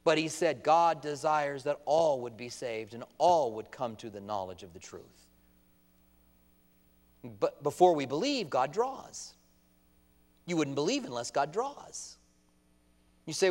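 Male pastor, high-pitched, passionate pulpit delivery with emphatic peaks, recorded with hall reverb. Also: big pitch swings, a little slow, pauses often. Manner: impassioned, rising to emphatic outbursts, quotes opponents in mock voices. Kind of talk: sermon. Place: church sanctuary at a pulpit. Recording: long reverb of a large hall.

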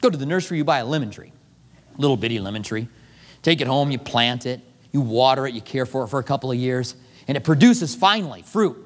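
A fast-talking man with a medium-pitched voice preaches a sermon as a pastor. He animatedly acts out little dialogues along the way, and long hall reverb surrounds him.

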